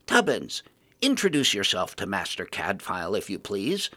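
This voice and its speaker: A man's voice: on the low side, wildly swooping pitch, unhurried, pushed and bright, dry recording, full character voice. A man voicing a flamboyant vampire duke who speaks in a courtly, theatrical manner.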